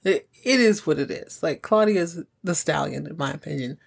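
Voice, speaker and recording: A woman's voice: low-pitched, lively intonation, moderate pace, creaky. A woman hosting a podcast, casually recapping a soap opera episode and acting out characters' lines in playful voices. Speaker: podcast host.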